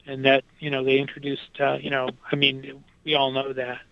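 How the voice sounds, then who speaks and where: A man's voice: medium pitch, monotone, normal speed, creaky, smooth, dry recording, muffled recording. A man talking casually about music, with lots of fillers and restarts as he thinks aloud. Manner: hesitant, many fillers and restarts.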